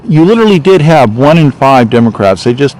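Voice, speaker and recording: A man's voice: medium pitch, sing-song, a little fast, darkish tone, rough recording. A man speaking as a political candidate in a rambling, off-the-cuff monologue, repeating himself and growing indignant.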